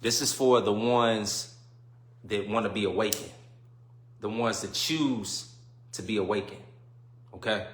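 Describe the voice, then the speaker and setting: A man hosting a livestream and delivering an emphatic, preachy monologue, often checking whether listeners follow him and swinging between quiet musing and loud bursts. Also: on the low side, a little slow, long pauses, reverberant. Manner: emphatic, keeps asking "you see what I'm saying". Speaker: livestream host.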